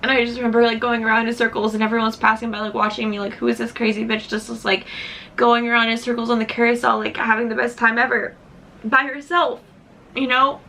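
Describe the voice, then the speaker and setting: A woman's voice: a little high, flat delivery, fast, gravelly, sharp tone. A young woman vlogger telling a personal story in a chatty, casual way, full of "like", tearful at moments. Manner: chatty, heavy use of "like", emotional at times.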